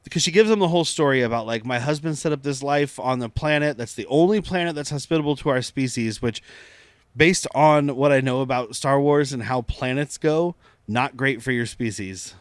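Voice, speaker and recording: A man's voice: medium pitch, brisk, no echo, studio quality. A man co-hosting a podcast, recapping an episode in loose chat, laughing often and swearing casually. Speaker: podcast co-host.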